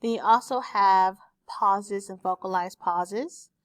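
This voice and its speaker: A woman's voice: mid-range voice, no echo. Lady teacher talking to her class through a desk mic, explains stuff with examples, dry sound. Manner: explains terms slowly with examples, admits speaking fast. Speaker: speech teacher. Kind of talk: recorded lecture to students. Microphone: desktop USB microphone.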